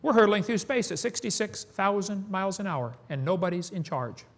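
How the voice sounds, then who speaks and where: A man's voice: sits high, normal speed, fairly bright tone, a little hiss or hum. A man giving a preaching lecture to an audience in a folksy, emphatic way. He chuckles between points and often asks "okay?". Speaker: creationist speaker.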